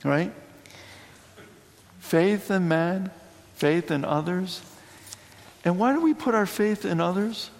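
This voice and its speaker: A man's voice: high-pitched, slow, vocal fry, pauses often. Man preaching animatedly in an echoey church. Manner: animated, chatty preaching with frequent asides. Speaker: priest. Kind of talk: sermon.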